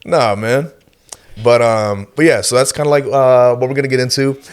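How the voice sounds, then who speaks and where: A man's voice: medium pitch, moderate pace, clear, resonant tone. A young man co-hosting a podcast, chatting casually about football with frequent fillers and easy laughs. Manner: relaxed, laughs often, hedges with fillers. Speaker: podcast co-host. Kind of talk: casual sports chat.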